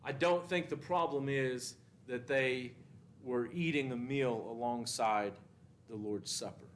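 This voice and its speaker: A man's voice: mid-range voice, a little slow, slight background noise. A man teaching a Bible class at church, asking the class questions and reading scripture with emphasis.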